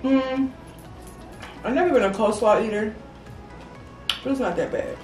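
A woman's voice: fairly high pitch, lively intonation, normal speed, darkish tone. A woman talking casually about the food between bites in a mukbang video. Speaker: mukbang guest. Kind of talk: casual eating chat. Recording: roomy audio from a distant mic with faint music. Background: faint music.

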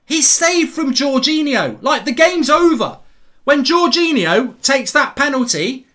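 A man's voice: very high-pitched, very animated, a little slow, bright, forceful tone. A middle-aged man, hosting a live football watchalong and ranting, swearing and repeating himself. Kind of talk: live reaction commentary.

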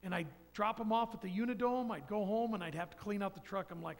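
A man's voice: sits high, quick pace. A man in his fifties giving a folksy, rambling personal testimony in church. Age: 50s. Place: church sanctuary. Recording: long church hall reverb.

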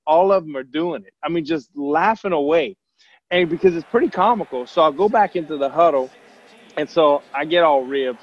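A man, a former quarterback, telling a long story in a relaxed, rambling way with plenty of fillers. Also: a little high, no echo. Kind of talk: casual anecdote telling. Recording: dull lo-fi, dry sound.

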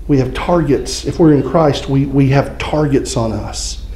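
A man preaching a sermon as pastor, joking and conversational, acting out quick mock voices. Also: mid-range voice, fairly even intonation, mellow, echoey room, a little hiss or hum, poor audio. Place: church sanctuary.

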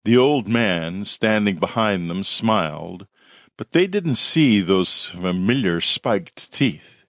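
A man reading his own horror story aloud in a slow, measured narration. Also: lowish voice, lively intonation, no room sound, clean studio sound.

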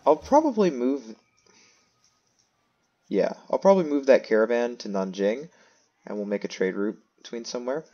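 A man's voice: medium pitch, lively intonation, normal speed, long pauses, warm tone, dull audio. A man giving casual gameplay commentary, thinking aloud and making self-mocking asides. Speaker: let's play host.

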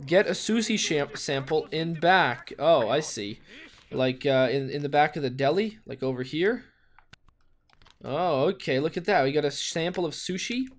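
A man hosting a gaming video, giving casual, excitable play-by-play commentary and exclaiming and swearing often. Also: a little high, normal speed. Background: faint background music.

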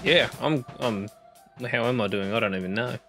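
A man's voice: mid-range voice, moderate pace, music in the background. A man co-hosting a podcast over a video call. He talks in an easy, dry way, teasing and prodding with contrary questions. His voice sits in a middle range. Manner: dry, teasing, playing devil's advocate. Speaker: podcast co-host. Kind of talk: casual chat.

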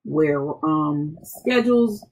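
Low husky-voiced woman giving a tutorial. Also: animated, slow pace, a little mellow. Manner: patient step-by-step explaining with small restarts. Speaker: instructional technology trainer. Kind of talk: screen-recorded software tutorial.

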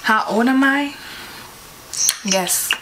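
Speaking very slowly in a high voice, this young Georgia vlogger giggles nervously while chatting with strangers over phone video calls. Heavy background noise and loud music fill the roomy-sounding recording.

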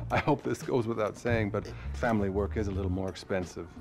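A man's voice: on the low side, brisk, over music, lightly acted. An actor playing a gushing, greedy male therapist in a video game. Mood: smooth. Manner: gushing, overly cheerful.

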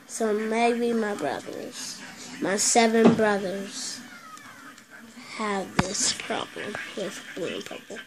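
A woman hosting a casual unboxing video, chatty and excitable, stopping often to correct herself. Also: on the high side, noisy background. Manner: chatty, excitable, stop-start with many self-corrections. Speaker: video host.

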